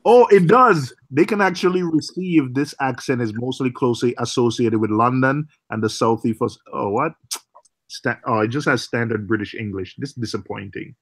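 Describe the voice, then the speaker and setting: A man's voice: medium pitch, moderate pace, fairly bright tone, husky. Chatty man hosting a casual livestream. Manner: chatty, laughs easily, trails off and restarts. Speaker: livestream host. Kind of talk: casual group chat on a livestream.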